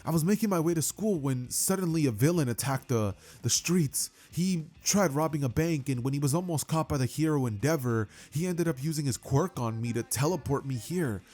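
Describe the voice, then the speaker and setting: A timid teenage boy who stammers, rambles and frets, pitched higher than usual, as a man puts him on in a fan story. His husky voice jumps around a lot as he explains himself. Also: lively intonation, a little fast, hardly any pauses, darkish tone. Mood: nervous. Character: timid, jittery teenage boy hero student.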